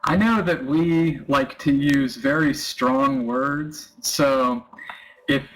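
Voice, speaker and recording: An American man answering interview questions in a relaxed, thoughtful way, pausing with frequent ums and giving everyday examples. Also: mid-range voice, low-quality recording. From United States. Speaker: interviewee explaining American culture.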